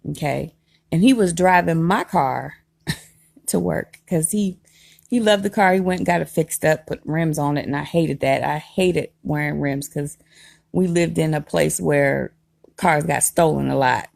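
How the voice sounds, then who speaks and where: A woman telling a personal story in a casual vlog, animated and emphatic, laughing as she goes. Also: deep voice, measured pace, creaky, dry recording, clean studio sound.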